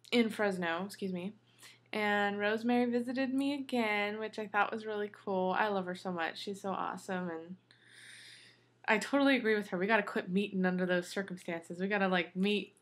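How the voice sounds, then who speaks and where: A woman's voice: medium pitch, moderate pace. A woman vlogger chatting casually to her viewers, venting with lots of ums and you-knows. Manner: chatty, venting, many fillers.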